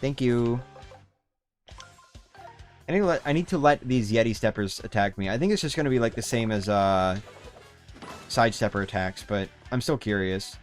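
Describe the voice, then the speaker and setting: Young man, game streamer, rambling casual talk, medium pitch, faint music behind. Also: lively intonation, moderate pace, pauses often. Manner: rambling, loose, swears casually. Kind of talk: casual live-stream commentary.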